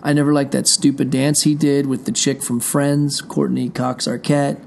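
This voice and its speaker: A man's voice: medium pitch, flat delivery, moderate pace, gravelly, darkish tone, slight background noise. A middle-aged man hosting his show from a room indoors, talking straight to his listeners in a rambling, profane, digressive monologue. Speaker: show host. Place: indoor room behind a closed door.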